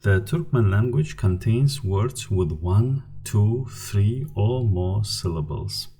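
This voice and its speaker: A man teaching a language lesson from slides, patiently repeating each example word slowly. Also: on the low side, expressive, warm tone.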